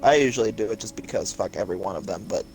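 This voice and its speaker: A man's voice: lowish voice, animated, rapid-fire, a little mellow, soft background music, poor audio. A man co-streaming a game, casually swearing and chiming in with tips about how it plays.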